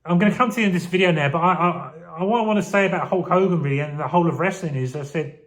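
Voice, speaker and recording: A man's voice: on the high side, rapid-fire, fairly bright tone. A man in his forties reflecting on his childhood in a rambling, heartfelt vlog, getting emotional as he talks. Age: 40s. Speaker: vlogger. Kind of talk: casual personal reflection to camera.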